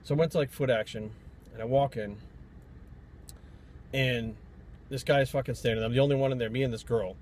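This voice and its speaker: A man's voice: mid-range voice, steady tone, brisk, pauses often, a little mellow, slight background noise. A man from Rhode Island, a fitness trainer, telling stories in a blunt, profane, rambling vlog rant.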